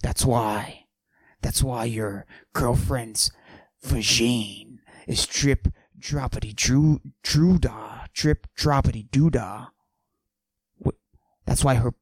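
A man playing a boastful macho character, pushing his voice low and husky and often dropping to a whisper while he brags deadpan. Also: takes it slowly, dry recording. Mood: swaggering. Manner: boastful, deadpan absurd bragging. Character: cocky macho man with a forced deep voice. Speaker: podcast host. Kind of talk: comic character monologue.

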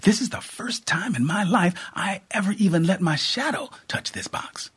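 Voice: mid-range voice, wildly swooping pitch, takes it slowly, slightly rough, voice pushed up, heavily acted. A reader voicing a shrewd, plainspoken rural aunt who talks in folksy speech with double negatives, in a storybook reading. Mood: hushed. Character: plainspoken rural aunt, middle-aged woman, warm and shrewd.

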